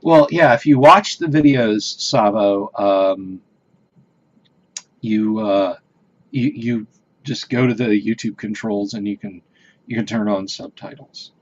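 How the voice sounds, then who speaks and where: A man's voice: fairly low pitch, slow. A man hosting a casual livestream, chatting with viewers in a rambling, hesitant way with many fillers and restarts. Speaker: livestream host. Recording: dull lo-fi stream audio.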